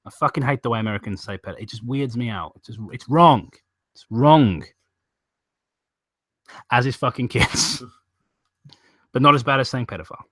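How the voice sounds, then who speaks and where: A man's voice: medium pitch, normal speed, long pauses, fairly bright tone, dry recording. A man hosting a live stream, reading a story aloud and swearing and joking between lines. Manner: swearing, joking, often laughing. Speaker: stream host. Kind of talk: casual crude banter and reading aloud.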